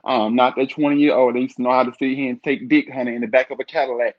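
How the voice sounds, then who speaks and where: A man's voice: medium pitch, fairly even intonation, quick pace. Sassy man hosting a lo-fi livestream. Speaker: livestream host. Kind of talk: casual livestream chat. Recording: dull lo-fi stream audio.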